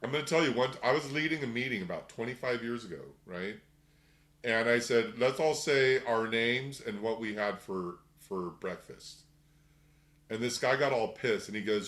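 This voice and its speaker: A middle-aged man leads a workshop in an easygoing, conversational way. His voice sits at an ordinary middle pitch and carries a noticeable room echo. Now and then he slips into quick put-on voices to act out little scenes. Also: fairly bright tone. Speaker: workshop teacher. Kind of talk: casual spoken lecture. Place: room with a group.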